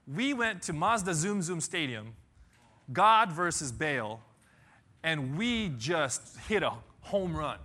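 Man, pastor, sermon, slow delivery, bright voice, animated storytelling with shouts and dramatic pauses. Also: fairly high pitch.

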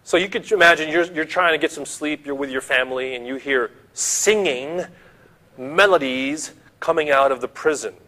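A man's voice: on the high side, moderate pace, pushed and bright. A man preaching a sermon, retelling a story vividly and speaking straight to his listeners.

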